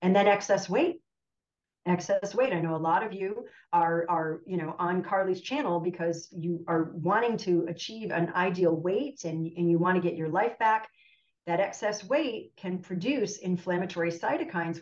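A woman's voice: fairly low pitch, normal speed, a little mellow. Woman physical therapist presenting, emphatic, on a dull lo-fi recording in a roomy space. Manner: emphatic, asks "right?" a lot. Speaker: physical therapist and nutrition educator. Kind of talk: guest presentation. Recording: distant roomy lo-fi audio.

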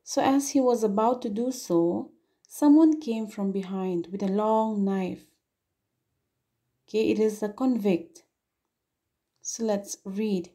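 A woman teacher reads a play aloud to her students during a literature lesson, explaining as she goes and often saying "okay" and "so." Her voice is mellow and medium-pitched, and she speaks slowly with frequent pauses.

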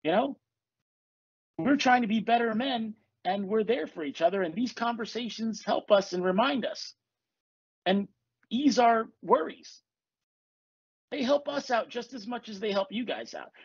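A man's voice: high voice, slightly rough, no echo, highs cut off. A man hosting a podcast, talking casually and bluntly with lots of swearing, as a life coach. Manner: blunt, profane, confessional. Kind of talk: casual chat.

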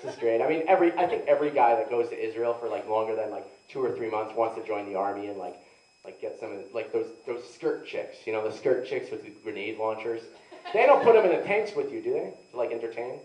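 A man's voice: medium pitch, animated, fast talker, darkish tone. Young adult male stand-up comic, loose self-mocking delivery, roomy live sound. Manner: rambling, self-mocking, heavy use of "like". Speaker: stand-up comedian. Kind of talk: stand-up comedy storytelling. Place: live comedy venue. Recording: echoey room, mic heard from a distance.

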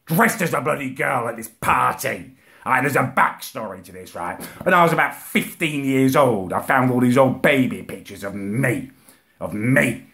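A man ranting in a comic monologue to camera. He is indignant, swears and repeats himself, and his voice swerves into shrill outrage. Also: expressive, normal speed, creaky, sharp tone.

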